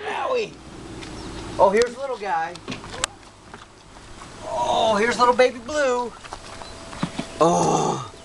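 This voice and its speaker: A woman's voice: fairly high pitch, lively intonation, extremely slow, gravelly, long pauses, background noise. A woman making a home video, calling and cooing to her puppies in sing-song baby talk. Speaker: puppy owner.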